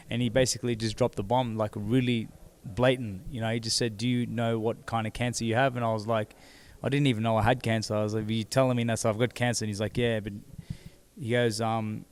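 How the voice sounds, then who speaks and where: Smooth-voiced man recounting calmly. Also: medium pitch. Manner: halting, repeats words as he recounts. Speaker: interview guest, former boxing champion. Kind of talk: candid personal storytelling. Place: seated across from the interviewer.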